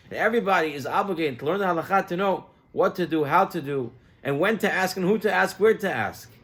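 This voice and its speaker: A male rabbi delivers a sermon built around a story. He tells it in a lively way, scattering Hebrew terms through his talk, and his voice sits a little high.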